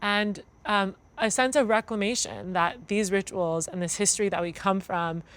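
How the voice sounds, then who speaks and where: A woman's voice: mid-range voice, normal speed, a bit bright. A woman with an American accent co-hosting an evening gathering, talking casually with frequent fillers. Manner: conversational, with fillers like "like" and "um". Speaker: event co-host. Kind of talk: casual spoken presentation to a gathering.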